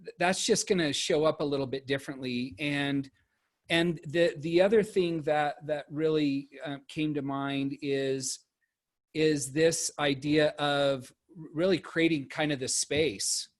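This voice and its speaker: A man moderating a virtual panel discussion over a video call, speaking haltingly and often repeating words as he restarts. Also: on the high side, fairly even intonation.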